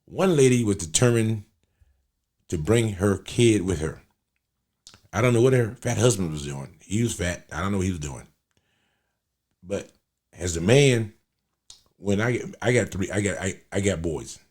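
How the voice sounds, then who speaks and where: A man's voice: lowish voice, lively intonation, moderate pace, long pauses, darkish tone. A man hosting a podcast, telling a rambling anecdote in a blunt, profane, casual way. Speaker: podcast host. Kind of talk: casual storytelling monologue.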